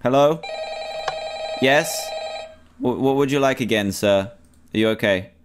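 Male gamer, horror playthrough, panicky, pleading, self-talk, mid-pitched, faint hiss. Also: measured pace. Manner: panicky, pleading, talking to himself, repeating lines. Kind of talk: horror game commentary.

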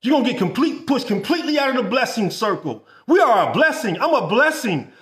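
Man with a really high lively voice cussing out his followers, echoey room. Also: a little fast. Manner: profane, repetitive, exasperated ranting. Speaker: business coach. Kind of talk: ranting vlog.

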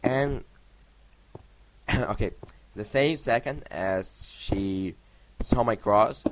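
This young man's gaming vlog pairs gameplay with a rambling, profanity-heavy story, and he counts blocks under his breath along the way. He has a fairly low pitch, draws out his words, and pauses often. The sound is from a noisy home mic setup.

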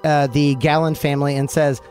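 Guy on a podcast rambling through a story, kinda high voice, uh's and um's everywhere, faint music under it. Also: brisk. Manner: relaxed, full of fillers and asides. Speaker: podcast host. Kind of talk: casual storytelling chat.

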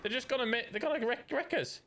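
A man's voice: extremely high pitch, quick pace, fairly bright tone, slight background noise. A man with a Yorkshire accent chatting casually while playing a video game, joking and stumbling over restarts. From Yorkshire, England. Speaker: streamer. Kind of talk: casual gaming chat.

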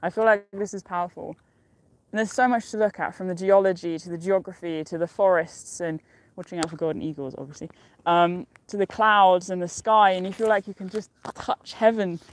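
A young woman streams live from a mountain summit, chatting loosely and cheerfully in a slightly low voice. She rambles from thought to thought and laughs often, recorded outdoors on a handheld phone. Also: fairly even intonation, fairly quick. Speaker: outdoor vlogger. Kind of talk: casual live-stream chat.

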